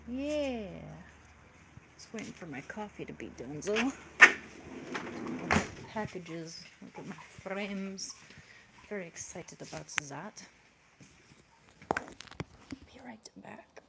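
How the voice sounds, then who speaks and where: A woman chatting casually on a livestream at home, often dropping to soft murmurs and sing-song repetition. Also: mid-range voice, animated, takes it slowly, pauses often, heavy background noise. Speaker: livestream host.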